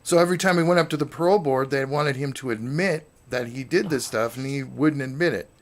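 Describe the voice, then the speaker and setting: A man's voice: mid-range voice, fairly quick. A man chatting casually as a guest, blunt and opinionated, swearing casually. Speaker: guest in conversation. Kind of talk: casual chat.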